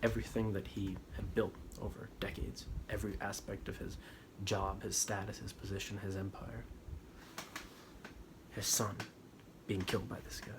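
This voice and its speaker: A man giving a spiritual talk, retelling a story in an animated, dramatic way that swings from loud to hushed. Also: fairly low pitch, moderate pace. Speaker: spiritual teacher. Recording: steady background noise.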